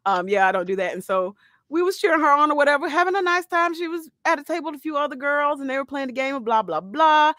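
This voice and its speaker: A woman in her thirties telling a story in casual, slangy chat, animated, laughing and swearing as she goes. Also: high voice, fast talker, no echo, studio quality. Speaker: podcast co-host.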